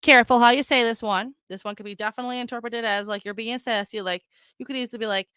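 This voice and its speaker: Chatty woman podcast host, smooth dry voice. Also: fairly high pitch, fairly even intonation, fast, hardly any pauses, pushed and bright, no echo. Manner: chatty, stumbling restarts, addresses listeners as guys. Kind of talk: casual solo podcast talk.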